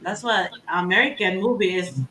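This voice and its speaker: A woman's voice: medium pitch, moderate pace, recorded from a distance. A woman co-hosting a casual livestream chat, asking blunt, teasing questions. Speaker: livestream co-host. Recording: echoey room with faint noise.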